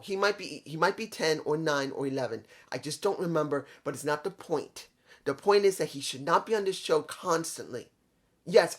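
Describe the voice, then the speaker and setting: A man reviewing a wrestling show in a casual vlog, rambling, repeating himself and talking straight to his viewers. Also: a little high.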